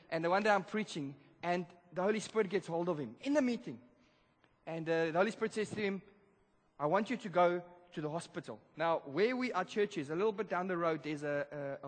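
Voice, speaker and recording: A man's voice: high voice, fast talker. Man preaching in a reverberant hall. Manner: animated storytelling, swings from loud to hushed. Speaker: pastor. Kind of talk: sermon storytelling. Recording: long church hall reverb.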